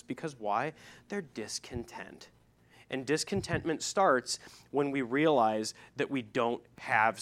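A middle-aged man, preaching a sermon in a conversational way, reading scripture and adding asides. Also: medium pitch. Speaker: pastor.

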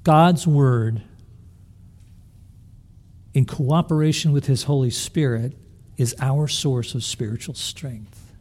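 Mellow-voiced man preaching a sermon. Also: medium pitch, slow pace, pauses often. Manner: earnest, with rhetorical questions to the congregation; restarts and repeats words while thinking aloud. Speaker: pastor.

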